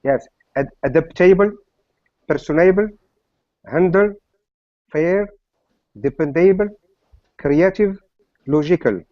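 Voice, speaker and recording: A man's voice: a little high, takes it slowly, pauses often, dry recording, highs cut off. A male student in an online English class, carefully reading and repeating words after his teacher.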